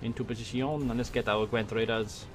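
A man from Wales with a Welsh accent, giving excitable let's-play commentary on a strategy game into a desk microphone, swearing and muttering to himself as he plays. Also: mid-range voice, brisk, faint music behind. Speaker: gaming YouTuber. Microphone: desk USB microphone.

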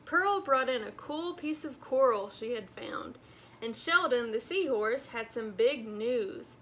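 A woman librarian reading a storybook aloud to children in an animated way, speaking to them directly. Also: on the high side, slow, a little hiss or hum.

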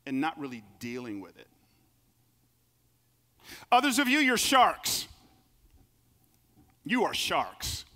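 Male pastor, lively storytelling sermon, high bright voice, reverberant sanctuary. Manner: lively storytelling preacher, acts out quoted voices. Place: church sanctuary. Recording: long reverb of a large hall.

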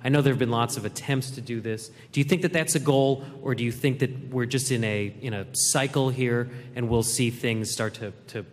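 A man moderating an onstage fireside chat, asking long questions in a halting, searching way. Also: mid-range voice. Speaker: moderator, journalist. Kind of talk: interview questions on a stage. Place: event hall. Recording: long hall reverb.

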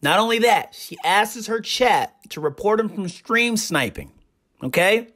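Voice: medium pitch, expressive, unhurried, fairly bright tone. A young adult streamer giving indignant reaction commentary, ranting and repeating rhetorical questions.

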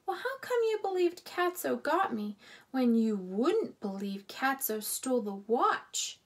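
A woman's voice: high voice, expressive, a little slow, breathy edge, heavily acted. A woman voicing a small, bold talking mouse boy who is eager and indignant in a storybook reading. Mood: insistent.

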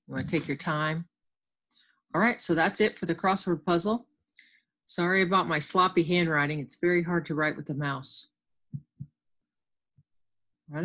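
A woman's voice: low voice, fairly bright tone. A woman teacher leading a reading lesson for children over a computer microphone, patient and explanatory.

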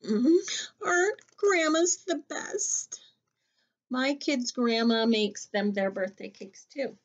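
A woman teacher reading a picture book aloud to children, chatting and explaining as she goes. She speaks slowly with a slightly raised voice. The recording is dull and lo-fi. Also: a little high.

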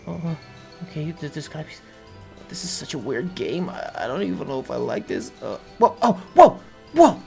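A young woman hosting a game video, narrating excitably while she plays, rambling and stammering nervously as she goes. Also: deep voice, brisk, vocal fry, soft background music. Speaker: game video host playing a character. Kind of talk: game let's-play narration.

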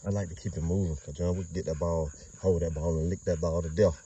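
Low-voiced man rambling loosely outdoors. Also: fairly even intonation, fast talker, warm tone, distant mic, a little hiss or hum. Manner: loose, rambling street talk with laughs. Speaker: dog breeder filming his kennel. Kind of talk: casual outdoor vlog narration.

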